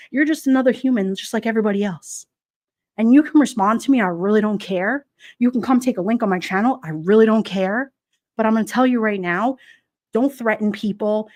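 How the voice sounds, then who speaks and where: A woman's voice: on the high side, a little mellow, no room sound, clean studio sound. A woman streamer chatting casually on a livestream, reading out comments in a blunt, sassy, gossipy way.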